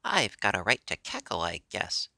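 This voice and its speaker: Guy doing a squawky proud hen, shrill and clucky, crackly edge, super bright tone. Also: huge pitch swings, moderate pace, creaky, no echo, studio quality, heavily acted. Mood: indignant. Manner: clucking, huffy. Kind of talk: audiobook character voice.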